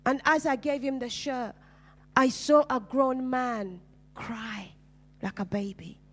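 A woman's voice: high-pitched, takes it slowly. A woman from Uganda, preaching her personal testimony in an emphatic storytelling manner. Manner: storytelling, acts out dialogue, emphatic.

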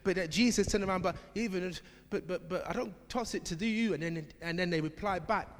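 A man preaching a sermon in a church, emphatic, swinging from shouted repetition to quiet asides. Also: high voice, fairly quick, few pauses. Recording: long hall reverb.

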